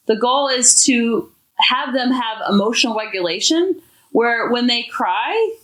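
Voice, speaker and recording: A woman hosting a parenting podcast, talking in a chatty, animated, expressive way. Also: medium pitch. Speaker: podcast host. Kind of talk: casual parenting talk. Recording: echoey room.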